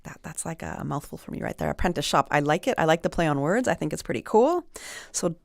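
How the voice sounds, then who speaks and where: Woman, gravelly low voice, chatty radio host, dry studio. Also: lively intonation, quick pace, no echo. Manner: chatty, giggly, stumbles over words. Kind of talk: radio interview.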